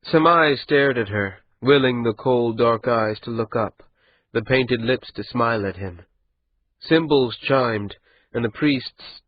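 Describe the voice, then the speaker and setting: Low, husky male audiobook narrator. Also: highs cut off. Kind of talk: scripted narration.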